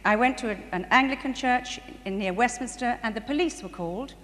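A woman telling church stories in sermon style, animated and quick to laugh. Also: on the high side. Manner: animated, laughs often, rising to bursts of excitement. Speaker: speaker at a church conference. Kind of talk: sermon-style testimony storytelling. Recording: distant reverberant hall recording with faint ambient noise.

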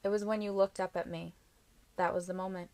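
A woman's voice: fairly low pitch, little pitch movement, fairly quick, a little mellow, dry recording, natural voice. A woman voicing a cocky young fighter who talks bluntly and teasingly to his girlfriend, in an audiobook reading. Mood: tender. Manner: teasing, blunt, swears easily.

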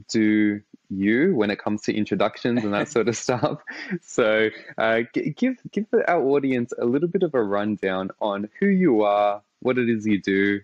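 A man's voice: on the low side, no echo. A man hosting a podcast, interviewing a guest in a friendly, slightly stumbling way. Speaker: podcast host. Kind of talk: casual interview conversation. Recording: dry, dull lo-fi sound.

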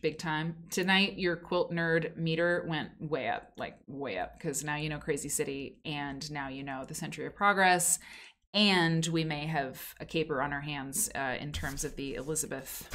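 A woman's voice: low-pitched, a bit bright. A woman hosting a live quilting history stream, talking in a chatty, effusive way with many restarts. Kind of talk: casual live-stream chat.

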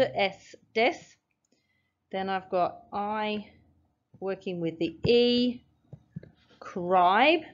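A woman's voice: medium pitch, muffled recording. A woman teaching a phonics lesson, patiently sounding out letters and syllables step by step. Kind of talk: phonics lesson, explaining at a board.

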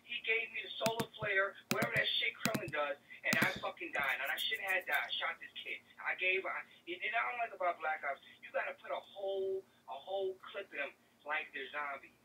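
A young man in a loud, profane comedic rant about a video game, repeating himself and swearing. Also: high voice, brisk, few pauses, distant mic, a little hiss or hum, low-quality recording. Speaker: gamer ranting to camera.

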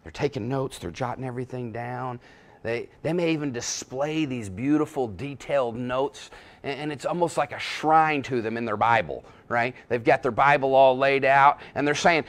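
A man preaching a sermon as pastor, swinging between hushed and loud, emphatic passages, often restarting his words. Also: medium pitch, moderate pace. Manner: frequent self-restarts and repetitions.

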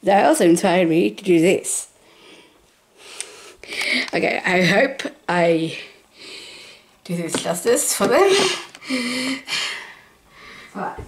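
A woman chatting casually to camera as a vlogger, giggling between phrases and rambling excitedly. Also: medium pitch, takes it slowly, long pauses, a little hiss or hum. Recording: roomy echo.

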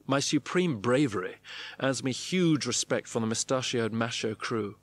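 A man's voice: mid-range voice, lively intonation, moderate pace. A man reading his diary-style memoir aloud in clipped, wry phrases. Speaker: narrator.

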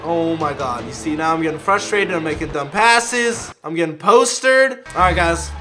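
A young man commentating his own basketball video game play, excitable and yelling at his players, then dropping to a mutter. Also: a little high, normal speed, soft background music. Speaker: gaming video creator. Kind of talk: live gameplay commentary.

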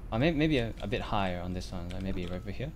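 A man hosting a co-op gaming stream, giving gentle, halting instructions full of ums. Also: sits low, animated, slight background noise. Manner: hesitant, gives gentle instructions with many ums. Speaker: streamer host. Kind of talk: casual gaming chat.

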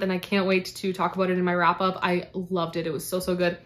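A woman's voice: fairly low pitch, steady tone, brisk, hardly any pauses, fairly bright tone. A young woman from Canada chatting casually to camera on her book channel, gushing and effusive as she opens birthday gifts. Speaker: book vlogger. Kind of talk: casual unboxing chat to camera.

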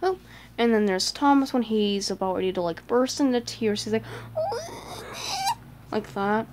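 Fairly quick and a little mellow, a medium-pitched woman flips through a picture book as a fan, commenting page by page. She's chatty, leaning on "like" and adding small gasps and little voices, with slight background noise present.

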